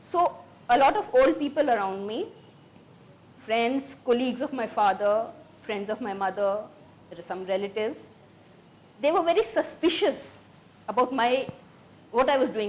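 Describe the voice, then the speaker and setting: A woman's voice: fairly high pitch, expressive, moderate pace, slight background noise. Earnest woman recalling caregiving. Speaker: family caregiver. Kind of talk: recorded personal testimony.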